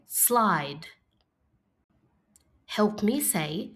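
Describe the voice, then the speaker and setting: A woman gives an early-years phonics lesson with a medium pitch and animated delivery, keeping her speech slow, clear and encouraging.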